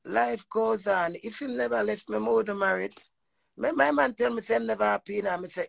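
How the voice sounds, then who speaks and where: A woman with a Jamaican accent telling a personal story in an animated monologue, emphatic and profane, often slipping into quoted speech. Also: mid-range voice, brisk, vocal fry, no echo, low-quality recording. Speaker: vlogger.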